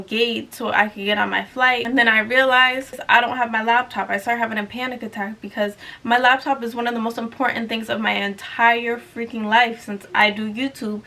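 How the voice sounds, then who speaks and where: A young woman telling a storytime vlog in an animated, sassy way with mocking asides. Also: on the high side. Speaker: YouTuber.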